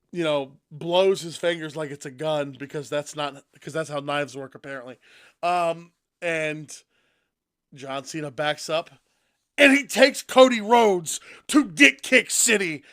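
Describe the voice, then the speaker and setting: Excitable high-voiced man, bright tone. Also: slow pace. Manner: excitable, profane, bursts into loud outbursts. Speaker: podcast co-host. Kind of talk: casual chat.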